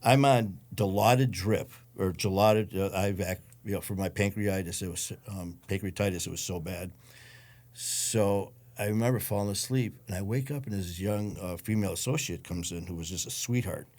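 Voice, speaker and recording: A man's voice: low voice, moderate pace, darkish tone. A man, a guest telling his story in a blunt, profane way and acting out the voices of others. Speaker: interview guest. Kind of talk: storytelling in a casual interview.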